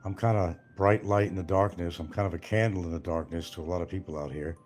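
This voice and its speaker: Brisk and hardly pausing, an older retired livestream host speaks in a low, darkish voice as soft music plays. His casual talk meanders from one topic to the next, with free use of swear words.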